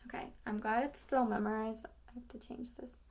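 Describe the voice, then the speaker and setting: A woman's voice: a little high, steady tone, fairly quick, gravelly, a little mellow. Rambling, self-critical young woman. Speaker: acting student. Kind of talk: thinking aloud between rehearsal takes.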